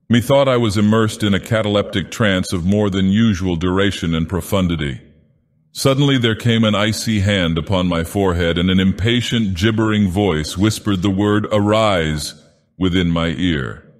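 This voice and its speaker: A man's voice: sits low, natural voice. A man voicing a grandiose, menacing ancient god-villain as he narrates a horror tale solemnly. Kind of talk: dramatic horror reading. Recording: long reverb.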